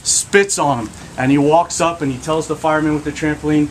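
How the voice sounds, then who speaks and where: A man telling a lively joke story to a group, shouting out the characters' lines. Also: fairly high pitch, brisk, few pauses. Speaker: storyteller leading a group of kids. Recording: noisy crowd recording.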